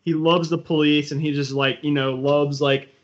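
A man co-hosting a podcast, sardonic and swearing, quick to laugh in crude comedic banter. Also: fairly high pitch, flat delivery. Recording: dull lo-fi audio.

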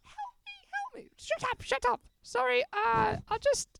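A man voicing a frail, flustered elderly pope in a high, shaky put-on voice. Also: sing-song, unhurried, gravelly, fairly bright tone, dry recording, exaggerated voice. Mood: flustered squeak. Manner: high shaky cries for help.

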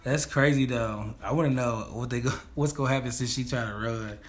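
A man's voice: medium pitch, fairly quick. A man co-hosting a casual podcast about TV shows, talking in laid-back slang, laughing often and acting out the characters' lines. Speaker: podcast co-host. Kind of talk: casual TV review chat.

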